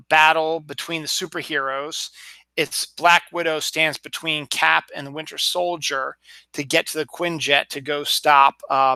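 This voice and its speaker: A man's voice: a little high, bright, forceful tone, clean tone, no echo. Rambling man hosting a solo chat show. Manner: rambling, hesitant with many fillers and restarts. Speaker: podcast host. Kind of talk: casual solo news chat. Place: at home.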